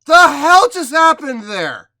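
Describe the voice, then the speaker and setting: A man hosting a music reaction video, emotional and excitable, moving between hushed awe and loud outbursts. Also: extremely high pitch, takes it slowly, background noise. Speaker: reaction channel host.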